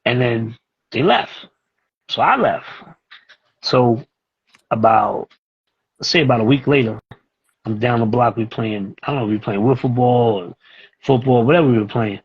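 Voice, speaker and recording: Husky New man telling stories. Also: mid-range voice, normal speed, long pauses, lo-fi sound. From East New York, Brooklyn. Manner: animated, acts out voices in his stories. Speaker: guest. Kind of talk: casual storytelling.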